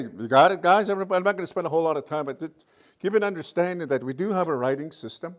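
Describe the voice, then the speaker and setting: A man teaching a virtual language class, sounding out letters slowly, repeating each sound and checking in with his students often. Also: on the high side. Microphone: computer mic on a video call.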